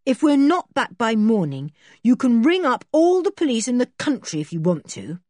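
Sensible boy in charge, decisive and lively, voiced by a woman. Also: fairly high pitch, moderate pace, no echo, clean studio sound, voice pushed up. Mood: firm. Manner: firm, decisive. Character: firm sensible older boy leader.

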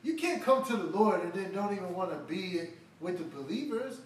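In a high, sing-song voice at normal speed, a pastor preaches verse by verse and acts out the Bible characters in casual speech. The expository sermon is captured in an echoey room, his voice distant from the mic.

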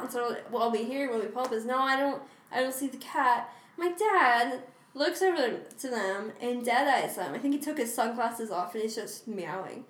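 Young woman, kinda high voice, lively storyteller, laughs a lot, echoey room. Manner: animated storyteller, laughs often. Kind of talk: casual chat. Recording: echoey room, faint noise.

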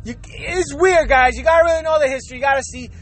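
A man's voice: very high voice, fast, a bit bright. A man from Puerto Rico, a native Spanish speaker with a heavy Puerto Rican accent, rambling bluntly in a casual vlog monologue, repeating words and swearing freely. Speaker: vlogger.

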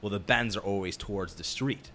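A man's voice: on the low side, brisk, slight background noise. A man who works as a construction foreman, telling rambling, profane stories in casual chat. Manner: profane, rambling, animated storyteller.

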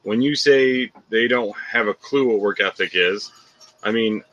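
A man's voice: on the low side, a little slow, a bit bright, lo-fi sound, a little hiss or hum. A man hosting a live podcast, chatting casually, reading viewer comments and laughing often.

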